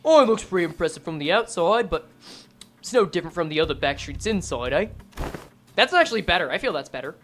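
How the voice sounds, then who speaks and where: A woman voicing a gruff, surly young man with an exaggerated rough British accent, grumbling and hard to follow. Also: mid-range voice, sing-song, normal speed, pauses often, faint music behind, voice pushed down, lightly acted.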